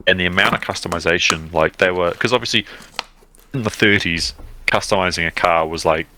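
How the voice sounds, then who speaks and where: A man's voice: sits low, brisk, bright, forceful tone, slight background noise, low-quality recording. A man co-hosting a podcast, rambling casually with fillers and restarts. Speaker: podcast co-host. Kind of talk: casual chat.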